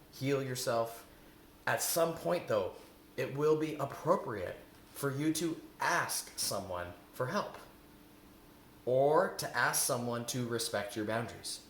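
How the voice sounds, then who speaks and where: Male coach, mid-pitched, earnest and repetitive, teaching in a roomy, echoey space. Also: fairly bright tone, slight background noise. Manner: earnest and repetitive, asks rhetorical questions. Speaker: eating coach. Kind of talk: spoken self-help lesson. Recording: echoey room.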